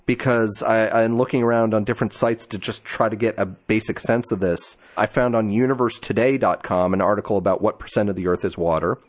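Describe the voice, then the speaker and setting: A man's voice: lowish voice, brisk, few pauses. A man co-hosting a podcast in casual chat, talkative and wry, explaining at length. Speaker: podcast co-host.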